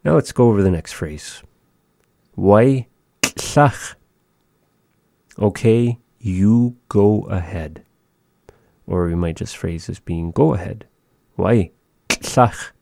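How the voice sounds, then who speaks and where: A man giving a language lesson, thinking aloud in a slow, measured way with frequent pauses. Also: low voice, gravelly, mellow, a little hiss or hum. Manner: slow, measured, pausing often. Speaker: language teacher.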